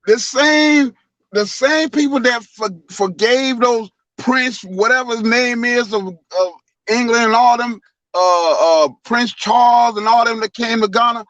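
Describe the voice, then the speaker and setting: A man's voice: very high voice, unhurried, fairly bright tone, dry recording, poor audio. A man co-hosting a casual talk show, telling a long rambling story full of restarts. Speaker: podcast co-host. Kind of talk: casual conversation.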